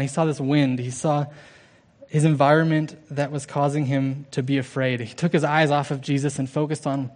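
Young guy preaching, kinda high voice, earnest, lots of ums and restarts. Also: a little mellow. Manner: earnest, halting, with restarts and fillers. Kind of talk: informal sermon.

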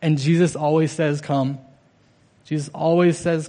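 A man's voice: fairly high pitch, level tone, warm tone. Earnest young man preaching. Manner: earnest, halting, with restarts and fillers. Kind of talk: informal sermon.

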